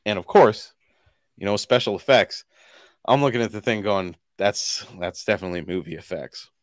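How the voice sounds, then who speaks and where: A man with a fairly low voice co-hosts a casual podcast, chatting loosely and breaking into laughter as he tells stories. He is from Washington state, and his voice sounds close and dry, with little room behind it. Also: normal speed, no echo. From Washington state, USA. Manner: chatty, laughs often, animated storytelling. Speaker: podcast co-host.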